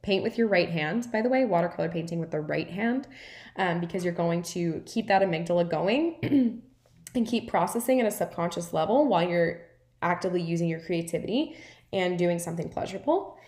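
Speaking a little fast with lively intonation, a woman with a fairly low, darkish voice hosts her wellness podcast. She muses in a relaxed, earnest, upbeat way, leaning heavily on "like" and "right?" as fillers, while the space around her echoes.

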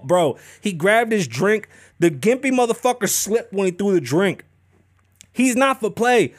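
A man's voice: high-pitched, no echo, studio quality. A man hosting a podcast, ranting casually and profanely with lots of swearing. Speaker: podcast host. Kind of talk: casual chat.

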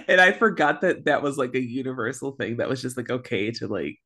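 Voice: mid-range voice, normal speed, pushed and bright. Young co-host rambling, lots of likes, casual podcast chat. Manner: rambling, many fillers.

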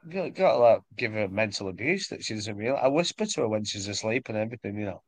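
A man's voice: on the low side, very animated, very fast, no room sound. Joking Northern English man, dry sound. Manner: crude, joking, laughs often. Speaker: podcast co-host. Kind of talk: casual chat.

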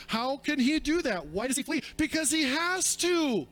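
A man's voice: very high voice, expressive, moderate pace, fairly bright tone. A male pastor preaching a sermon, emphatic and repetitive, calling his listeners friends.

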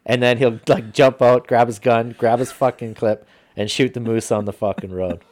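A man telling hunting stories in casual podcast chat, profane and animated. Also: medium pitch, moderate pace.

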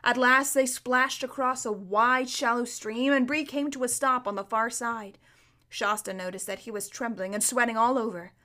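A woman narrates a storybook, her voice sitting a little high. She reads steadily and in a measured way, now and then tripping over a word and correcting herself. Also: steady tone, sharp tone. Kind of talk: storybook reading aloud.

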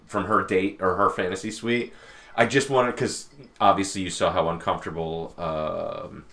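A man's voice: deep voice, steady tone, normal speed, sharp tone. A man chatting casually as a podcast co-host, crude and joking. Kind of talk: casual chat.

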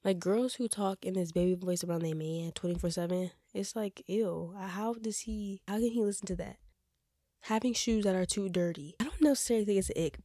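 A woman's voice: mid-range voice, mellow, no echo, studio quality. A young woman hosting a casual chat podcast, chatty and opinionated, and her voice sounds congested. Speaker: podcast host.

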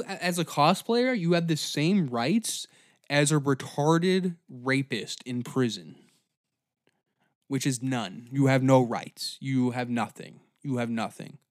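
A man hosting a comedy podcast, delivering a profane, mocking, angry rant that swings between shouting and muttering. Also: medium pitch, dry recording, studio quality.

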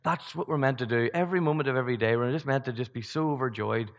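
A man's voice: medium pitch, quick pace, big-room sound. A man preaching a sermon in a church, talking conversationally, asking many rhetorical questions and restarting his sentences.

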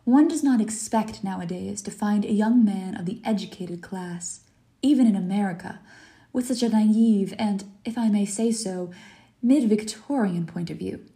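A woman's voice: medium pitch, warm tone, close to an everyday voice. Fields: Woman reading as a suave, cruel old general. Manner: urbane, mocking, unhurried. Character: suave cruel aristocratic older male general. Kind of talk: reading a story aloud.

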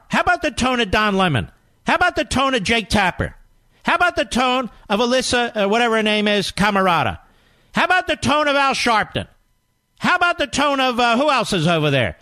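Combative high-pitched talk radio host man. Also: a bit bright, dry recording. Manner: combative, rapid-fire rhetorical questions; emphatic, rallying. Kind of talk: political talk radio monologue.

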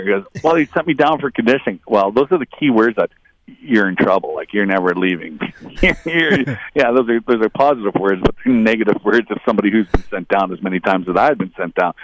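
A middle-aged former hockey player tells long, casual anecdotes, rambling along and quoting other people in higher voices. The recording is muffled, with no room sound.

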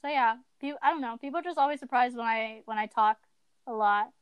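Brief: talkative teen girl, high smooth voice, dry close sound. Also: a little fast, dry recording. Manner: chatty, talks a lot, many fillers. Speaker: podcast co-host. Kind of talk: casual chat.

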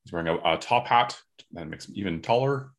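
Casting: game master, man, very low voice, deliberate narration. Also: animated. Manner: deliberate, halting description.

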